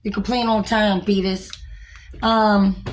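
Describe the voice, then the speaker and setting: A woman's voice: mid-range voice, flat delivery, measured pace, a little hiss or hum. A young woman, a store manager, talking frankly and rambling in a casual vlog, with many fillers and some swearing.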